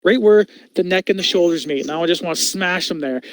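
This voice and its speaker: A man's voice: high voice, a little fast, no room sound. A man co-hosting a podcast, ranting in exasperation and swearing in casual chat.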